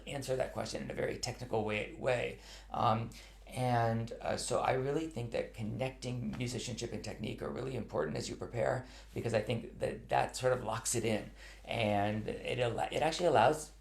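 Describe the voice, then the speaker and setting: A man's voice: mid-range voice, vocal fry. A man who teaches cello, answering viewer questions in a live online chat in an earnest, thoughtful way, with many ums and restarts. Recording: roomy echo.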